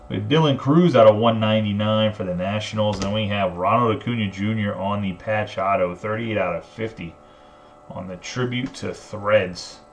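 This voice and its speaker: A man's voice: fairly low pitch, dull audio. A man hosting a live card break, casually rattling off card names and serial numbers.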